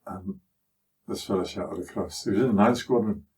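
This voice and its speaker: An older man from Liverpool with a broad Scouse accent, talking over his memories in a relaxed, anecdotal way. His voice sits fairly low and lands a little distant from the microphone. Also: moderate pace. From Liverpool, England. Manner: chatty anecdotal telling, acting out others' voices. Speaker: father recounting his life. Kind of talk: conversational life-story storytelling.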